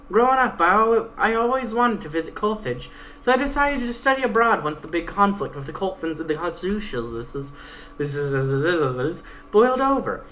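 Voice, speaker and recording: A flippant young pegasus mare, a college student with a mocking, sarcastic bite, put on by a woman. The voice is bright and lively, with a wide, bouncing pitch. It carries a faint noise in the background. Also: lightly acted.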